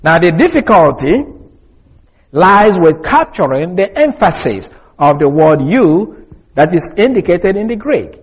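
A man teaching from the Bible in a deliberate, explanatory way, pausing often with small fillers. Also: high-pitched, big pitch swings, slightly rough, muffled recording.

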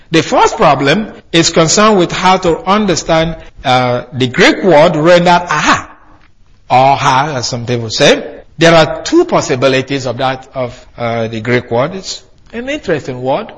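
A man delivers a sermon in a husky, slightly higher voice whose pitch swings up and down a lot. He teaches conversationally, restarting phrases and adding fillers as he explains scripture to the congregation. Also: sing-song, moderate pace, fairly bright tone. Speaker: preacher. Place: church hall.

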